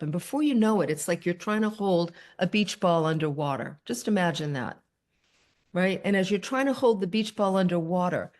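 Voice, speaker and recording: An older woman hosting a video call, giving a gentle, thoughtful talk to her viewers. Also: fairly low pitch. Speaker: host.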